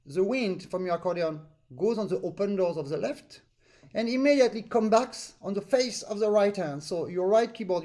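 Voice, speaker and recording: This man's high, slightly mellow voice carries a French accent, as English isn't his first language. He's leading a live online master class on accordion, vocalizing rhythms with syllables.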